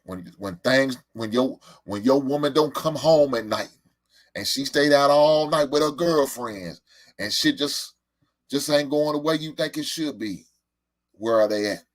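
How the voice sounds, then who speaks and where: A man's voice: mid-range voice, measured pace. Profane, emphatic man hosting a talk show. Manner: loose, profane, emphatic storytelling. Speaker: show host. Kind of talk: casual talk show monologue.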